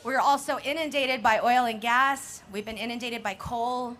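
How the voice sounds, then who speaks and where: A woman from the Navajo Nation giving an impassioned speech at an outdoor protest rally, at times shouting. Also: fairly high pitch, moderate pace, faint music behind. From Navajo Nation, US Southwest. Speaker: rally speaker.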